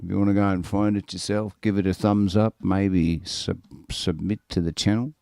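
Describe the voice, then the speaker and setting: A man's voice: low-pitched, steady tone, moderate pace, gravelly, smooth, no echo, studio quality. A man co-hosting a casual live stream chat, joking crudely and swearing freely. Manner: crude, joking, loud bursts. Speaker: stream co-host.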